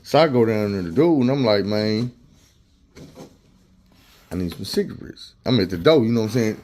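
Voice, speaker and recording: Man, low voice, casual storytelling, slangy and profane, acts out quotes. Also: animated, normal speed, darkish tone.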